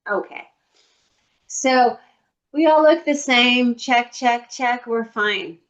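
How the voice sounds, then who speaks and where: Higher-voiced woman telling a comic story. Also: slow pace. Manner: comic storytelling, acting out her own inner thoughts. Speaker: podcast co-host. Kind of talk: casual chat. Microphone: computer microphone on a video call.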